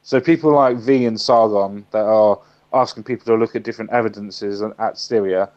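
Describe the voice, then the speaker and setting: A man's voice: lowish voice, normal speed, darkish tone, muffled recording. A British man co-hosting a livestream, chatting casually and teasing with lots of laughter. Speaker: livestream co-host. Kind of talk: casual chat.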